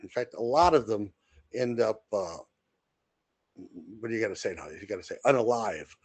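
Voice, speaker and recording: A man's voice: fairly low pitch, expressive, normal speed, no room sound. A man co-hosting a podcast, talking in a blunt, rambling way with frequent restarts and fillers. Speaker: podcast co-host. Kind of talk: casual monologue.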